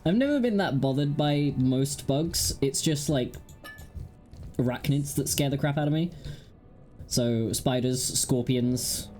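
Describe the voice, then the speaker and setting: A woman's voice: very deep voice, measured pace, dark tone, faint music behind. A woman hosting a gaming video, chatting casually and giggling with wry asides as she plays. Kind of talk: casual let's-play commentary.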